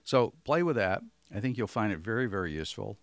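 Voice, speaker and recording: A man's voice: fairly low pitch, animated, fast talker, no echo. A man who works as a communication trainer, giving an instructional talk in a folksy, conversational way with homely examples.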